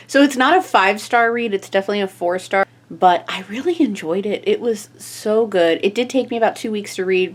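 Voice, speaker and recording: A young woman chatting casually in an upbeat book vlog, with fillers and small laughs. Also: on the low side. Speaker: book vlogger.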